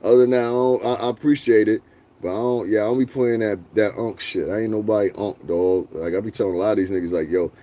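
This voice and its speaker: A man's voice: fairly low pitch, steady tone, fast talker, dark tone. A young man hosting a casual live stream, talking bluntly and profanely, laughing often and answering his chat. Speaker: livestream host.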